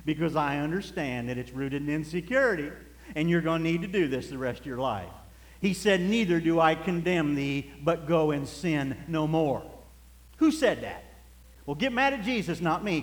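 A man preaching a sermon, telling folksy stories and chuckling as he goes. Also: fairly high pitch. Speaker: pastor. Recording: echoey hall.

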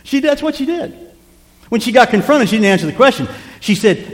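Impassioned pastor preaching in a reverberant hall. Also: male voice, very high voice, lively intonation, a little fast. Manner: impassioned, swinging between hushed pleading and loud preaching. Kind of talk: sermon. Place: church sanctuary.

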